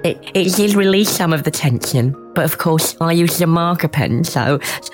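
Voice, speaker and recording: A young woman playing a mopey, self-pitying university student in a comedy sketch, talking in a deadpan, mournful way. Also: deep voice, normal speed, soft background music. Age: young adult.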